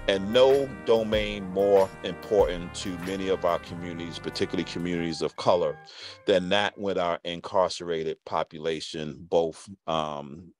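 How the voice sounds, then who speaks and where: A podcast host from Brooklyn with a very deep voice, chatting casually and telling stories. His pace is unhurried and full of fillers. The sound is dry and close, with faint music behind him. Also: no echo. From Brooklyn, New York. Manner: relaxed, warm storytelling with many fillers. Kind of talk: casual interview chat.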